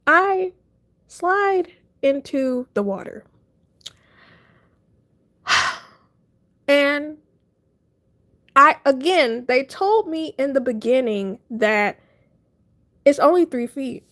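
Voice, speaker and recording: A young woman livestreaming, telling a funny story to her chat in a casual, animated way, laughing often and acting out her panic. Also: high-pitched, very slow, long pauses. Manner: animated, laughing, dramatic retelling.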